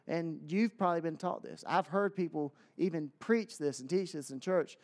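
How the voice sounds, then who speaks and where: A man with a Southern American accent preaching a sermon to a congregation, talking in a loose, conversational way with joking asides and lots of fillers. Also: high-pitched.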